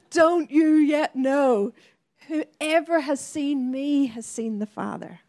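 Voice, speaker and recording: A woman preacher speaking the lines of a calm, patient male teacher in a slow, tender, earnest way. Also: high voice.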